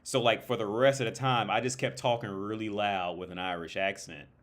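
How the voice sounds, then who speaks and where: With a lowish, slightly bright voice and a steady tone, this man speaks a little fast while hosting a livestream. He wanders from point to point, swears, uses plenty of fillers, and does impressions of British and Irish accents.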